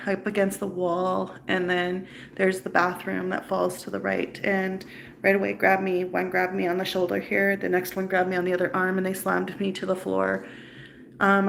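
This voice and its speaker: Gravelly-voiced woman, bitter storytelling. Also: medium pitch, slight background noise. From Canada. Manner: upset, bitter, recounting events. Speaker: livestream host. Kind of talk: personal storytelling livestream.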